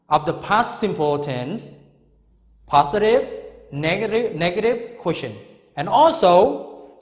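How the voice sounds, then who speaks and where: A lively male English teacher with a high voice gives a classroom grammar lesson in an echoey room with long reverb. He repeats example sentences slowly and checks in with "Okay?" and "Understand?"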